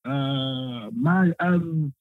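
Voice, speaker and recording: A man's voice: mid-range voice, drawn-out words, no echo, narrow, tinny audio. A man from Northampton calling in to a podcast, chatting in a laid-back way. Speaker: caller. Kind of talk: casual phone chat.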